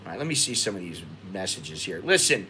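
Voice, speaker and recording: An American man hosting a casual livestream, venting with frustration and climbing in pitch as he gets worked up. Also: big pitch swings, brisk, bright, forceful tone, slight background noise. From United States. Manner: frustrated venting, rising in pitch when agitated. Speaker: expat livestream host.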